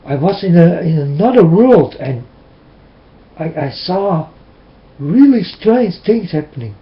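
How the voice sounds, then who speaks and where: A man speaks slowly and haltingly, telling a personal religious testimony in earnest, English. His voice sits a little high. It is recorded on a webcam with a roomy echo and a dull, muffled sound. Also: very animated. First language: Dutch. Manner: halting, earnest, non-native phrasing.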